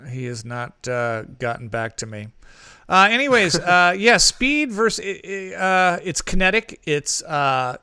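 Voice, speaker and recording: A man's voice: high voice, big pitch swings, a little slow, sharp tone, clear, resonant tone, no room sound, studio quality. A man co-hosting a podcast, telling a long rambling anecdote in casual chat. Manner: rambling anecdote with many fillers and restarts. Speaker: podcast co-host.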